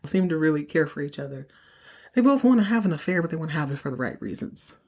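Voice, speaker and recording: A woman hosting a podcast, telling the story of a TV episode in an animated, chatty way. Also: deep voice, fast. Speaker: podcast host. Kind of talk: casual TV episode recap.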